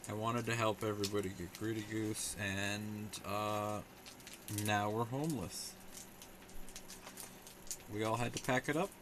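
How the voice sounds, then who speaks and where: A man's voice: fairly low pitch, fairly even intonation, unhurried, long pauses, noisy background. A young man rambling sarcastically on a casual live stream while he talks back to his chat.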